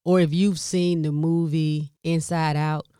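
A woman in her fifties from the Southern United States, a podcast host with a Southern American accent, telling caregiving stories in a lively way with asides and laughter. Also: low voice, a little slow, smooth, dry recording, clean studio sound. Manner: lively storytelling with asides and laughs, addresses listeners as y'all. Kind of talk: candid caregiving talk.

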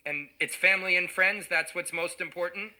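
A man interviewing a guest, asking gentle questions and often repeating words as he starts. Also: high-pitched, steady tone, moderate pace, poor audio.

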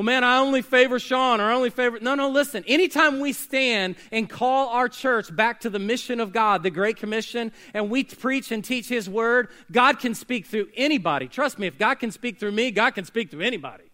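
A man preaching a sermon as pastor, swinging between loud emphatic bursts and quiet hushed lines. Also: extremely high pitch, moderate pace, few pauses. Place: church sanctuary.

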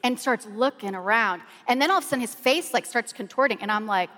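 High-voiced woman pastor, animated storytelling. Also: quick pace. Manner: animated, excited and chatty. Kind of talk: humorous sermon storytelling. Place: large church auditorium. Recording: long reverb of a large hall.

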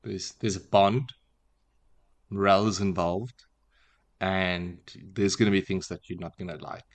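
Slow, deep-voiced man retelling a story. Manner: relaxed storytelling with fillers and wry asides. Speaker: podcast host. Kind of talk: casual retelling of a book chapter.

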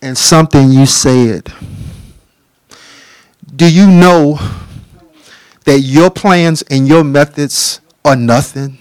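Middle-aged man, fairly high voice, dry close sound, animated testimony preaching. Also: takes it slowly, long pauses, smooth, dry recording. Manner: animated storytelling, acting out dialogue with big pitch jumps. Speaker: speaker giving a testimony.

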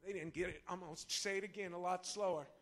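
High, bright-voiced preacher. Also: male voice, fairly even intonation, fast. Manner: impassioned, rising to shouts, then dropping low; rhetorical and playful with the congregation. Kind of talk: sermon. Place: church service before a congregation.

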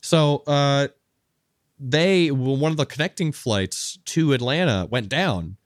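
A young man with a mid-pitched voice rambles through a deadpan improvised comedy bit, loose and full of "like" and "uh." His voice is recorded close and dry with no room sound. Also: slow, no echo. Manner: laid-back, rambling with fillers.

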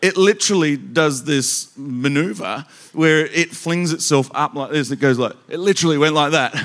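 Lively preacher telling stories. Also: male voice, fairly high pitch, moderate pace. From Australia. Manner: animated storyteller, acts out scenes, bursts of loud emphasis. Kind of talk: storytelling sermon. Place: church before a congregation.

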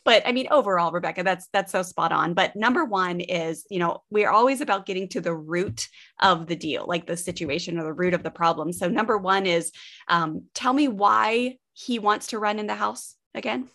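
A woman's voice: lowish voice, moderate pace, creaky. Encouraging woman parenting coach. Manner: warm, encouraging, reassuring. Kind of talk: coaching conversation.

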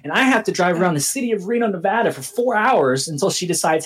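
Brief: young male podcast co-host, husky, animated and profane in casual storytelling. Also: high voice, fast talker, few pauses. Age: young adult. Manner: animated, swearing, laughs through his story.

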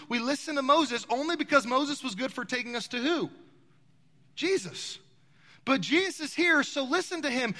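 A man's voice: very high-pitched, lively intonation, normal speed, pushed and bright. A man preaching a sermon to his congregation in a large church, asking them rhetorical questions as he speaks. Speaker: pastor. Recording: long hall reverb.

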